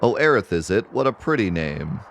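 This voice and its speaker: A man's voice: fairly low pitch, sing-song, brisk, a little hiss or hum. Hojo, a gloating villain scientist, voiced by a man. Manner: gloating, with mocking laughs. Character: sly scheming male scientist villain, gloating. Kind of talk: reading game dialogue aloud.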